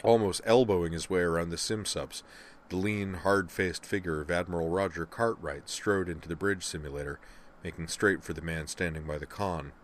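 Low-voiced male audiobook narrator. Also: moderate pace, slight background noise. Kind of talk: scripted narration.

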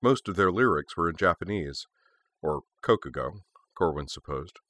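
A man narrating a story in a steady, measured way. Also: low-pitched, no room sound. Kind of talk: story reading.

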